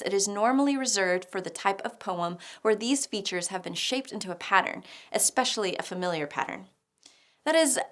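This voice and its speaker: A woman giving a scripted educational narration about poetry, explaining clearly with a light touch of humor. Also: mid-range voice, a bit bright. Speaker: teacher.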